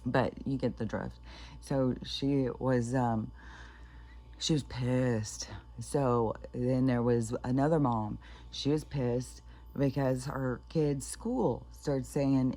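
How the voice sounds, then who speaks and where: A woman's voice: very deep voice, fairly even intonation, unhurried, mellow. A woman rambling through stories in a casual vlog, swearing freely and filling gaps with ums and restarts. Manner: chatty, profane, many fillers and restarts. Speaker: spiritual vlogger.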